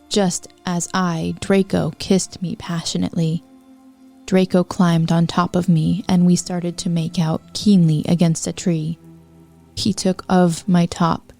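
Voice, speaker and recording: A woman reads fanfiction aloud for her podcast, slow and unhurried, with a mellow, lowish voice. She keeps stopping for wry, apologetic asides. Faint music plays underneath. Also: level tone, gravelly. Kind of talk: comedic reading aloud.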